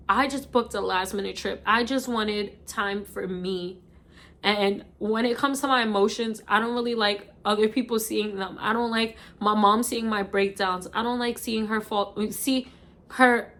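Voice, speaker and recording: A woman's voice: mid-range voice, a bit bright. Tearful young New York woman vlogging. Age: 20s. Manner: emotional, repetitive, heartfelt. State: crying. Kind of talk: casual chat.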